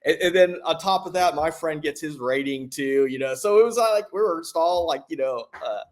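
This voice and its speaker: Rambling, excitable veteran man. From United States. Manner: rambling and halting, with frequent restarts and fillers; excitable, pitch jumping up when retelling quotes. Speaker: military veteran client giving a testimonial. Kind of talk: casual spoken testimonial.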